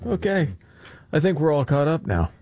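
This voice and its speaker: A man's voice: on the high side, big pitch swings, moderate pace, warm tone, dry recording. A man hosts a talk radio show, close and dry on a studio mic. He sounds blunt and mocking as he steers the conversation. He talks in an easy, casual way. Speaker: radio host.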